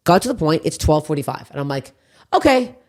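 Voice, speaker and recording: A woman hosting a podcast, telling stories in casual chat with lots of swearing. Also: sits low. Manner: rapid, profane, animated storytelling. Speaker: podcast host.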